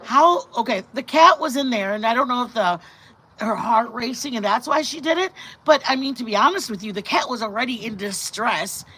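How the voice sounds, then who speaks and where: A middle-aged woman hosting a casual live-stream chat, rambling and animated with bursts of loud laughter. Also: on the high side, fairly quick, breathy edge, poor audio. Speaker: channel host.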